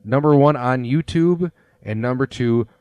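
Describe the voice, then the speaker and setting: A man's voice: medium pitch, measured pace, dry recording, lo-fi sound. A man in his thirties hosting a casual sports podcast, rambling through stories with plenty of fillers. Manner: rambling storyteller with many fillers. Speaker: podcast host. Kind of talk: casual chat.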